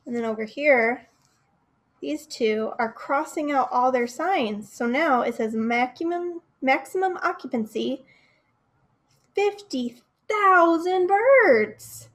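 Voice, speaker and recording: Young librarian lady reading a picture book to kids, high voice, takes it slow, keeps asking the kids stuff. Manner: expressive, talks straight to the kids, asks them questions. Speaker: children's librarian. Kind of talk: children's storytime read-aloud.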